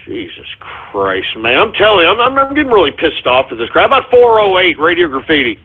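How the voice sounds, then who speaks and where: A man hosting a call-in radio show, ranting angrily and shouting. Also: high-pitched, sing-song, a little fast, hardly any pauses, slight background noise. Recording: tinny phone-like audio.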